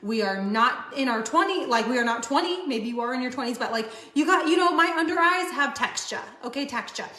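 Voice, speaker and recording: A woman's voice: sits high, expressive, fairly quick, few pauses, bright, forceful tone. A woman selling a beauty line, chatting to camera in a gushing way with lots of fillers. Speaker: MLM seller. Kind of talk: excited product chat to camera. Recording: roomy echo.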